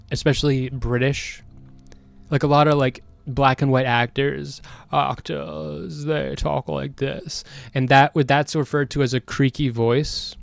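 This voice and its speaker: A man streaming and chatting casually, reading out chat comments and rambling through his thoughts with frequent restarts. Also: mid-range voice. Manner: rambling and self-questioning, with many restarts; grows louder and more heated later on.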